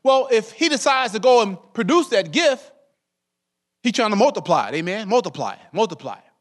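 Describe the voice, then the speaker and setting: A pastor preaching a sermon in a lively, conversational way. His fairly high voice leaps up and drops low again as he calls on the saints. He keeps asking the room for an answer. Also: normal speed. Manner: lively preaching, addresses congregation as saints, call-and-response questions.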